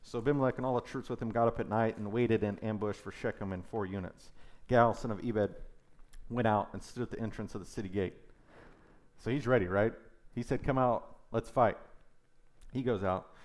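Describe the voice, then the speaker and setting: A man's voice: lowish voice, fairly quick. Man preaching through a scripture passage. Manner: reads scripture aloud with lively conversational asides. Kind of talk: sermon with scripture reading.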